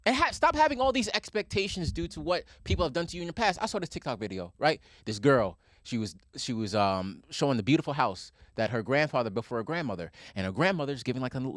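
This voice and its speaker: A man ranting animatedly on a podcast, profane and fast-talking, recorded with a close studio microphone. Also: medium pitch, no echo. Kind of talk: casual podcast rant.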